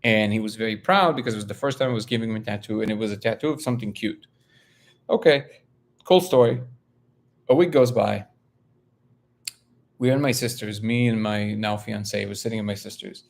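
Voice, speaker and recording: A man from Russia hosting a casual live stream, reading viewer comments aloud and telling a story with lively, high-pitched quotes of other people. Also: brisk, creaky, long pauses, a little hiss or hum. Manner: animated storyteller, jumps up in pitch when quoting others. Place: home, living in LA.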